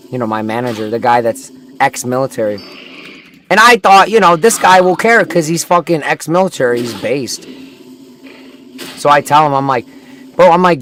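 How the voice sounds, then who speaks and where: A man's voice: on the high side, a bit bright, slight background noise. A young man in his twenties, a gaming livestreamer, telling a long story in casual chat, swearing heavily and acting out what the people in it said. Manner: profane, ranting, acts out quoted people.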